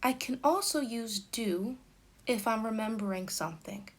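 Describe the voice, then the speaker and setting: A woman teaching an English grammar lesson, speaking in a careful, deliberate way and reading out example sentences. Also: fairly high pitch. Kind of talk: slow explanatory grammar lesson.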